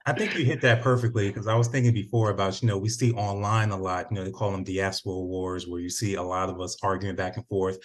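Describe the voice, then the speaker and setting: A man with a fairly low voice co-hosts an interview. He talks in an easy, conversational way and backs up what the guest says. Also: steady tone, fast, few pauses. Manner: affirming, conversational. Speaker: co-host.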